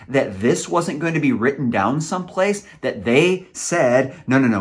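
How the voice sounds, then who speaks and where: A man preaching a sermon, earnest and emotional, sometimes stumbling over his words. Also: medium pitch.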